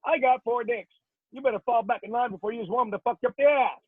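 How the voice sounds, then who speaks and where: A man voicing a foul-mouthed male Marine drill instructor who yells insults in a clipped cadence, heard over a tinny phone-like line. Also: extremely high pitch, fast, husky, no echo, pitched above the performer's own voice. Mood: raging.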